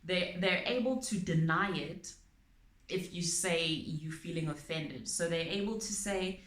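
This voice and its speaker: A woman calmly explaining her topic to viewers, using everyday examples and frequent pauses and ums. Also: fairly low pitch. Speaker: channel host on abuse awareness. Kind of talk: explanatory talk to camera. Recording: echoey room.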